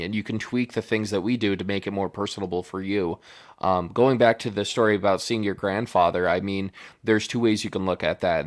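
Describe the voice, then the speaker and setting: A man hosts a casual podcast in a low voice. He is reassuring and easygoing with a caller, and fills his sentences with verbal fillers. The sound is dry and close. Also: dry recording. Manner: reassuring, leans heavily on "you know" fillers. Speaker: podcast host.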